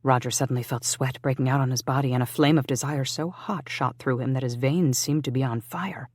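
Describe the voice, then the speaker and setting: An audiobook narrator reading a historical romance in an even, measured way. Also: mid-range voice, dry recording, studio quality.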